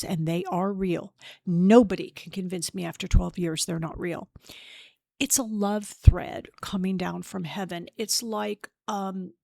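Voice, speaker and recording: A woman's voice: medium pitch, creaky, a little mellow, dry recording. A middle-aged woman hosting a personal grief podcast, speaking in an earnest, heartfelt, openly emotional way. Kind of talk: personal spiritual grief talk.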